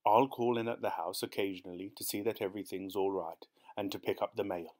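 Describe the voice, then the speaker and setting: Man playing a curt cold old husband, low voice, smug, dismissive, storybook reading. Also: steady tone, fairly quick, darkish tone, lightly acted. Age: older.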